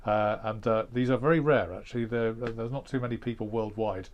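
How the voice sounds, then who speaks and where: A man's voice: lowish voice, steady tone, brisk, darkish tone, lo-fi sound. A man hosting a classic car channel, cheerfully thanking a viewer and inviting others to send in videos. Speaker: channel host. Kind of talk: enthusiastic channel outro.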